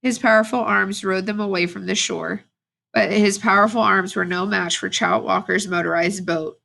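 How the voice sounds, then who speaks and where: Brief: female teacher reading a novel aloud to students, steady, with a gravelly fry. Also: medium pitch, normal speed. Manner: steady, plain read-aloud with brief asides to the class.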